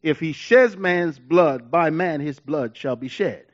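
Male pastor, high voice, lively sermon delivery, muffled lo-fi recording. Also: unhurried. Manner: animated preaching with laughs and repetitions.

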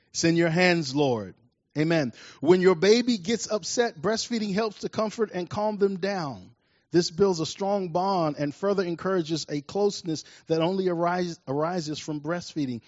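A man preaching a sermon in an animated way, rising loud and high as he tells stories. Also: dry recording, dull audio. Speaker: pastor.

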